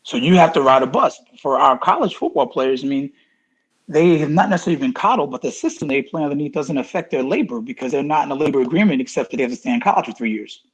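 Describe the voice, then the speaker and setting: A middle-aged former pro football player, guesting on a podcast, tells stories fast in a high-leaning male voice with a breathy edge. He's an animated storyteller who repeats things for emphasis and acts out quoted dialogue in casual interview chat. The recording quality is low.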